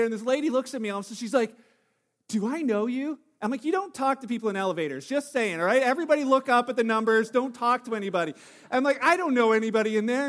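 A man giving a chatty sermon full of jokes and stories, with many fillers and restarts, from Canada. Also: very high-pitched. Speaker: pastor.

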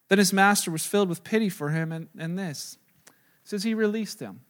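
A man with a notably high speaking voice preaches in an easygoing, chatty way. He walks through a scripture story and briefly acts out its scenes. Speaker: pastor. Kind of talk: sermon.

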